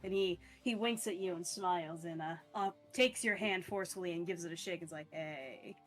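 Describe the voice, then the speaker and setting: A woman's voice: lowish voice, fairly quick, soft background music. A woman running a tabletop game as game master, narrating in a loose, casual way with swearing. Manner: casual, swearing, laughs a lot.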